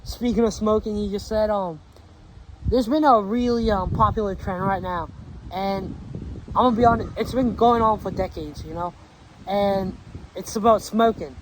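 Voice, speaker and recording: A man's voice: high-pitched, moderate pace, slight background noise, lightly acted, poor audio. A man playing a fawning talk-show interviewer. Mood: excited. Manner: rambling questions full of fillers and flattery. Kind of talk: amateur comedy skit.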